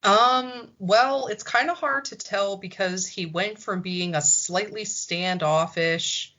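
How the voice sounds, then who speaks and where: A woman's voice: medium pitch, slow, sharp tone. Woman, podcast co-host, thoughtful casual chat, lo-fi sound. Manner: thoughtful, analytical, casual swearing. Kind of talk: casual chat reviewing a TV episode. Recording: dull lo-fi recording.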